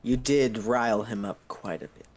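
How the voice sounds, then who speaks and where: A man voicing a sly, commanding female ruler of hell with a slow, teasing menace in a tabletop game. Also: medium pitch, a little mellow, a little hiss or hum, natural voice.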